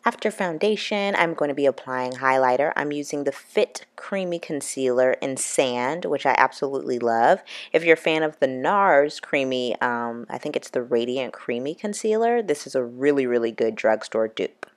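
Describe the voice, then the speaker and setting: A young woman with a stuffy, nasal voice from a cold talks through a makeup tutorial. Her voice sits very low for a woman. She chats casually, with plenty of ums and likes. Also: lively intonation, normal speed. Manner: casual, chatty with many fillers. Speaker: beauty vlogger.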